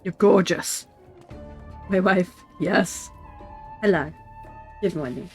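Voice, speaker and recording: A woman's voice: fairly low pitch, takes it slowly, darkish tone, soft background music. A woman streaming a video game, chatting casually and reading game lines aloud.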